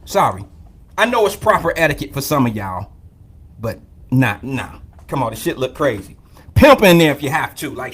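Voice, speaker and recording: Young male live-stream host, AAVE, high and very lively voice, profane, joking storyteller. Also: normal speed, slightly rough. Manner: loose, profane, joking storyteller who greets viewers by name. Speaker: host of a live call-in drive-time show. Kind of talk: casual live-stream monologue.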